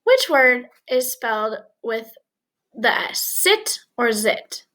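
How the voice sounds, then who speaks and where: Woman, young adult phonics teacher; unhurried, clear and encouraging, mixes in some Spanish; high, bright tone. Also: very animated. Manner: slow, clear, encouraging classroom delivery with bits of Spanish. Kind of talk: early reading lesson for young children.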